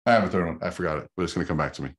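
A man's voice: deep voice, racing. A middle-aged man giving a conversational, emphatic motivational talk, often repeating his points for stress. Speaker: speaker.

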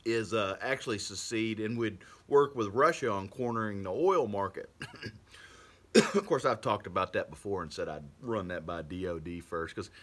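A man's voice: fairly low pitch, moderate pace, fairly bright tone. A man from Texas, rambling to camera in a casual monologue and laughing through his words often. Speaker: vlogger.

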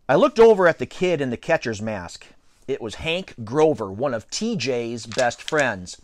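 A man reading a children's book aloud as first-person narration, in an expressive storytelling manner. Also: mid-range voice, normal speed, dry recording, clean studio sound. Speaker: audiobook reader.

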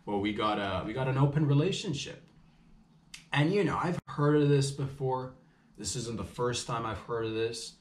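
A man's voice: lowish voice, slight background noise. Rambling Canadian man telling a story. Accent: Canadian English. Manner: rambling, slangy, full of restarts and asides to listeners. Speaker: podcast host. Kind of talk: casual comedic storytelling monologue. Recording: echoey room.

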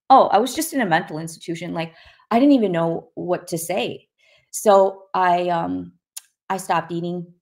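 A woman sharing a personal faith testimony in a soft, halting way, with many pauses and restarts. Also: lowish voice. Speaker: guest sharing her testimony.

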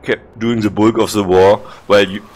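A man from Germany in casual gaming chat, teasing in a dry, deadpan way while he plays. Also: lowish voice, brisk. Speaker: gameplay commentator. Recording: loud gunfire behind voice.

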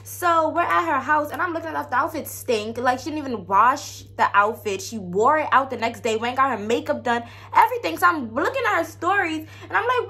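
Young woman vlogger, a bit high-pitched, casual storytime, lively with muttered asides. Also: a little fast, hardly any pauses. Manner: animated storytelling, frequent profanity and slang; drops to low asides to viewers.

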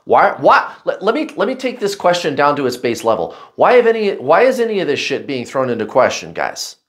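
A man's voice: on the high side, huge pitch swings, fairly quick. A man giving a casual tarot card reading, chatty and blunt, swearing freely and often calling out to "guys". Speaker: tarot reader.

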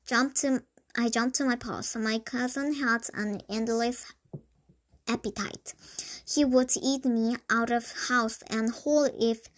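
A woman's voice: a little high, fairly even intonation, slow pace. A young woman reading a children's book aloud, often tripping over words and restarting them. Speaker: storybook reader.

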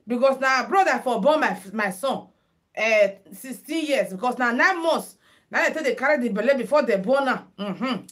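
Chatty Nigerian woman, high and bright. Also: expressive, normal speed. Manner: chatty, addresses viewers as "my people", sing-song calls. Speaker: makeup and headwrap livestream host. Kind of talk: casual livestream chat in Pidgin-mixed English. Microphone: phone.

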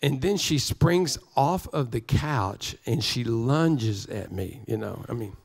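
A man's voice: medium pitch, lively intonation, slow pace, creaky. A male pastor preaching a sermon, emphatic, repeating his phrases and restarting words as he drives his points home.

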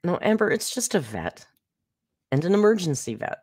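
A casual live streamer chats away to viewers in an easy, unscripted way. They talk straight to the chat and narrate what they are doing as they go. The voice sits at an ordinary middle pitch. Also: sing-song, normal speed, a little mellow, husky. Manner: chatty, talks straight to the chat, narrates own actions aloud.

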